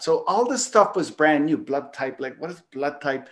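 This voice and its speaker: A man's voice: on the high side, lively intonation, moderate pace. A man hosting a talk show, casually telling a personal story, rambling with lots of fillers and the odd swear word. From Canada. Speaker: podcast host.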